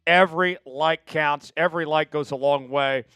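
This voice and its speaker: A man's voice: on the high side, normal speed, clean tone, dry recording. A man hosting a live draft stream, chatting casually with viewers and hyping each pick. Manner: chatty, excitable, hypes viewers for likes.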